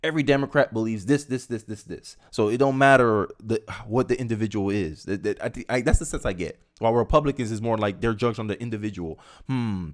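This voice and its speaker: Young male political commentator, on the lower side in pitch, casual and animated, reads and reacts. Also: brisk, few pauses. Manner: animated and conversational, slipping into mocking voices.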